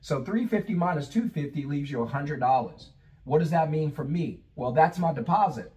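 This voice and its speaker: Male business coach, higher-pitched voice, casual instructional delivery, heavy on rhetorical questions. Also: animated, moderate pace, mellow, lo-fi sound. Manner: conversational, asks rhetorical questions and acts out sales calls. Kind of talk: instructional talk.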